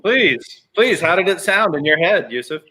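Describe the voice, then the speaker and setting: A man's voice: on the high side, very animated, normal speed, pushed and bright, slightly rough. A man in a casual chat over drinks, teasing his friends.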